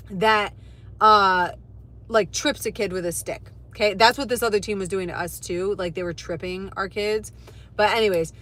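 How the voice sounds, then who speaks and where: A young woman chatting casually to her live stream viewers, animated and full of fillers and swearing. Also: medium pitch. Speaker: livestreamer. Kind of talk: casual storytelling to a live chat.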